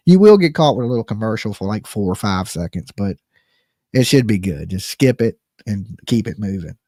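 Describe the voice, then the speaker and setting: This live call-in host has a lowish, dark voice and sounds animated at a normal speed. The recording is dry and studio-clean, and he jokes in slang while talking casually right to his chat.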